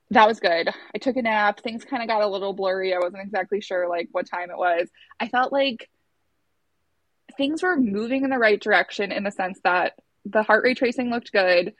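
A woman's voice: medium pitch, no echo. Chatty woman telling a story, dry close sound. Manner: chatty, many filler "like"s, acts out quotes. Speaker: guest telling her birth story. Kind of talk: casual storytelling.

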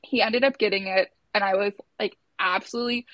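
A woman in her thirties telling a personal story in casual conversation, talking fast and loose with lots of "like" and acting out what others said. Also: medium pitch, steady tone, fairly bright tone, no echo. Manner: chatty, many filler "like"s, acts out quotes.

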